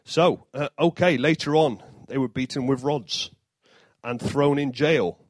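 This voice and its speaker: A man's voice: medium pitch, a little slow, dry recording. Chatty, joking man preaching. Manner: jokey asides, chatty, self-deprecating. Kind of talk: informal sermon.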